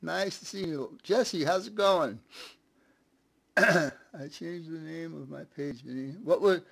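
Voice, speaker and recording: A man's voice: fairly high pitch, slow, vocal fry, a bit bright, breathy edge. A man hosting a casual live stream, chatting, laughing often and greeting viewers one by one.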